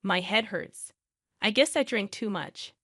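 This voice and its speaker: Storybook role: a selfish drunk husband, curt and blaming, pitched a bit lower, read by a woman narrator, in a dry, close sound. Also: measured pace, a bit bright, slightly rough, no room sound. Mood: sulky.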